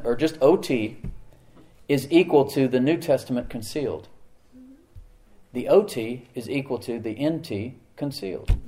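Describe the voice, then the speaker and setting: A man's voice: fairly high pitch, warm tone. A middle-aged man preaching a sermon as pastor, talking conversationally and often asking the congregation questions.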